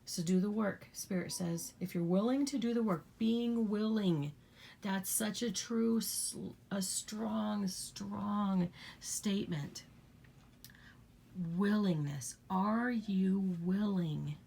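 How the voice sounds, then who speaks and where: A woman's voice: medium pitch, slow pace, creaky, darkish tone, husky. A woman giving an earnest, blunt spiritual talk to her viewers, repeating her points and swearing freely. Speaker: spiritual channel host.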